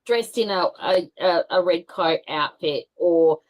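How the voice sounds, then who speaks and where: Woman, low-ish voice, rambling video call guest. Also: a little slow, poor audio. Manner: rambling, with many fillers and restarts. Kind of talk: casual video call chat.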